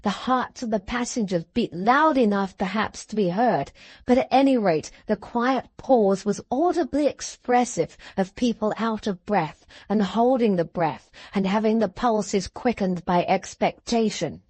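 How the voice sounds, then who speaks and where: A woman reading a classic novel aloud as an audiobook narrator, in measured storytelling. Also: medium pitch, a little mellow, slightly rough, dry recording. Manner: measured storytelling, voicing the characters.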